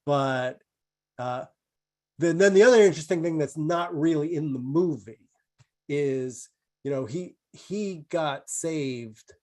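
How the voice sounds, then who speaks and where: A man in casual conversation over a video call, rambling from one thought to the next and amused by his own stories. his voice sits a little higher than most men's and wanders through filler words. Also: slow pace. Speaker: comedian guest. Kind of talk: casual chat.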